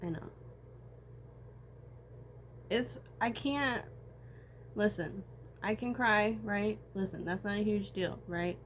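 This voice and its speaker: A young woman rambles through a personal vlog, swearing freely as her voice swings between tearful and laughing. Her pitch sits in a middle range, and there is faint noise behind her. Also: unhurried.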